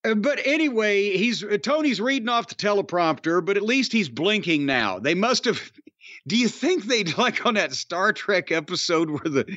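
A man's voice: fairly high pitch, pushed and bright, no room sound. An older man hosting a casual wrestling podcast, ranting with profanity and sarcastic rhetorical questions. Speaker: podcast host. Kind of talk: casual wrestling review chat. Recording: slightly dull, dry podcast audio.

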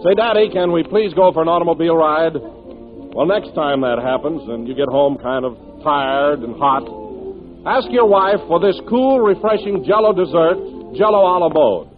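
A man announcing in a 1930s radio broadcast, narrating a scene and reading a commercial in a smooth, salesy delivery. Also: a little high, expressive, moderate pace, phone-quality sound, music in the background.

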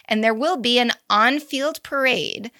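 A woman co-hosting a podcast, chatting casually about news with quick asides and easy laughs. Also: fairly high pitch, pushed and bright, no room sound, studio quality. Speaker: podcast co-host. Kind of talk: casual chat about girls' baseball news.

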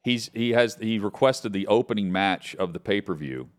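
Low-voiced man hosting sports talk. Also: expressive, moderate pace. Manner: hesitant, with many fillers. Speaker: host.

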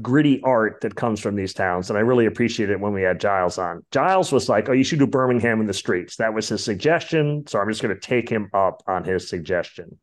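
A man hosting a podcast, chatting casually about music in a rambling way with lots of fillers. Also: on the low side. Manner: rambling, many fillers and asides. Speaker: podcast host.

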